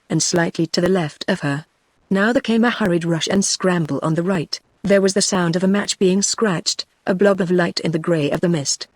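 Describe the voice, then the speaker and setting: A synthetic text-to-speech woman's voice with a British accent, reading a novel as scripted narration in a steady tone. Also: lowish voice, no echo. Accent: British English. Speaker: audiobook narrator.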